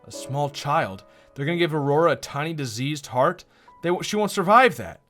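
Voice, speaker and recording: A man voicing a calm, secretive male doctor in a flat, measured way. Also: a little high, soft background music, voice pushed up.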